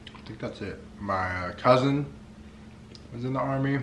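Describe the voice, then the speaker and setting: A man's voice: medium pitch, moderate pace, reverberant, noisy background. A young man chatting casually on a family vlog, hesitant with many fillers. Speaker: vlogger's husband. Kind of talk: casual chat.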